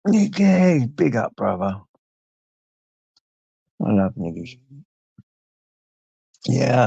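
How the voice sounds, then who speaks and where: Older English man, low gravelly voice, rambling live-stream host with dull lo-fi sound. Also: darkish tone, no echo. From England. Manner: rambling, greets viewers by name, swears freely. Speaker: livestream host. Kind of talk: late-night livestream chat.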